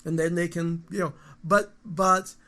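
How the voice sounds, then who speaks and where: Gravelly-voiced middle-aged man musing. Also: fairly high pitch, measured pace. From United States. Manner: rambling, animated storytelling with restarts. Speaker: guest musician. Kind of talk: casual interview talk.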